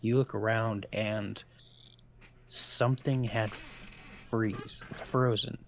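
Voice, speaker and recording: A man narrating as dungeon master of a tabletop game, describing scenes in a relaxed, halting way. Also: fairly low pitch, a little hiss or hum.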